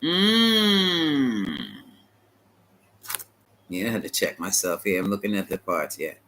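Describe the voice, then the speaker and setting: A man giving a live-stream tarot reading, chatty and animated, talking back to viewers and laughing often. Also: lowish voice, slow pace, a little hiss or hum, low-quality recording. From United States. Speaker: tarot reader.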